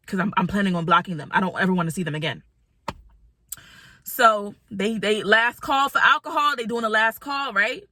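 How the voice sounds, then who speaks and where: Bright chatty woman telling a story. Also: medium pitch, a little fast, dry recording. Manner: animated, chatty, acts out quotes. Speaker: vlogger. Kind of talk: casual storytelling.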